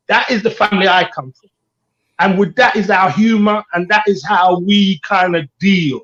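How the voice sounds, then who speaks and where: High-voiced man speaking earnestly. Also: moderate pace, fairly bright tone, lo-fi sound. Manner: earnest and reflective, repeats key phrases. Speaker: co-host. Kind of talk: candid panel chat.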